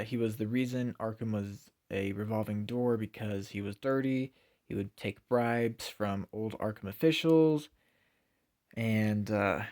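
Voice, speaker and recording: Low-voiced man reviewing comics, hesitant. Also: darkish tone. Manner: hesitant, many ums and uhs. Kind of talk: casual spoken review.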